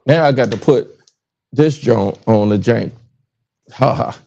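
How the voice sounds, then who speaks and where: Alone on his podcast livestream, the Southern-accented Richmond, Virginia host, middle-aged, keeps cutting himself off as he rambles and wrestles with his stream setup. He speaks at a measured pace in a dark, mid-range voice with vocal fry. Captured with a phone, the audio comes across lo-fi and a bit dull.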